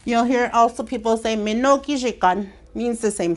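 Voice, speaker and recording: A woman teaching a language lesson, repeating each word slowly and clearly for learners to copy. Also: on the high side, faint music behind. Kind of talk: slow classroom language lesson.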